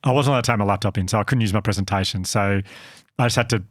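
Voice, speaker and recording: An Australian man, a podcast co-host and company founder, tells a story about his work in casual storytelling chat, earnest and self-deprecating, laughing at his own slips. His voice is on the low side and very fast, with no room sound.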